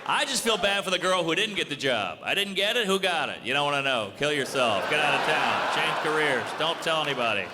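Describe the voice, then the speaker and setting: Man, stand-up comic, brash, lively up-and-down pitch, echoey hall, crowd noise behind. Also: a little fast, few pauses. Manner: brash, animated delivery with shouted punchlines. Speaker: stand-up comedian. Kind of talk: stand-up comedy set. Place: large hall with live audience.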